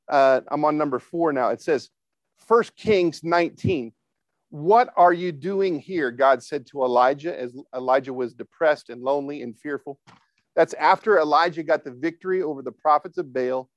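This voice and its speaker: A man's voice: fairly high pitch, moderate pace, no echo. A man preaching a conversational sermon, often asking his listeners for a response. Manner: asks the congregation for responses; informal, with frequent fillers and restarts.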